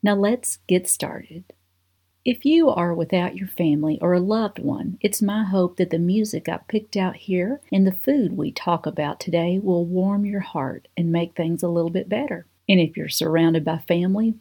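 A woman hosting a food radio show in a gentle, homey, scripted way. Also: fairly low pitch, normal speed, few pauses, breathy edge.

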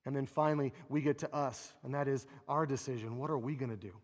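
A man preaching a sermon, animated and expressive, acting out quoted laments with a rising voice. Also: medium pitch, fast. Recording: long reverb of a large hall.

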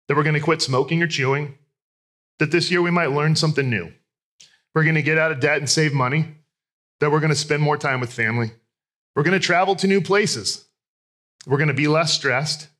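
A pastor in his thirties delivers a sermon full of candid, self-deprecating stories from his own life. His voice is a little high and slightly bright.

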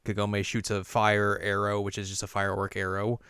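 Smooth low-voiced man recapping casually. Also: completely flat delivery, brisk, fairly bright tone, no room sound, clean studio sound. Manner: laid-back, rambling, laughs often. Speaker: podcast co-host. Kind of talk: casual episode recap chat.

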